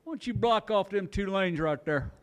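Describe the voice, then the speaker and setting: A lazy, folksy road-crew boss who drawls his orders slowly and casually, as a comic acts him out. He is easygoing and in no hurry at all, done as a quick character in a stand-up set. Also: sits high, lightly acted. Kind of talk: stand-up comedy bit.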